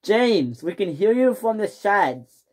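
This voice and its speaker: A woman voicing a calm, patient older male engine in a toy train story, giving measured advice. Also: mid-range voice. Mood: advising.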